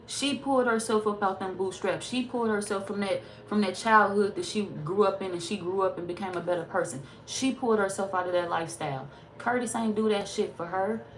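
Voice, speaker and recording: Blunt, profane woman tarot reader. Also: medium pitch. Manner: blunt, profane, sassy and emphatic. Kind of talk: casual tarot reading monologue.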